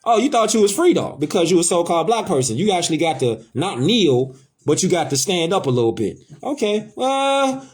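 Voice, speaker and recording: A man's voice: high-pitched, sing-song, brisk, hardly any pauses, darkish tone, faint music behind. A man hosting a casual talk, speaking emphatically and with swearing, repeating his points. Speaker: host. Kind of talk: casual conversation, preachy.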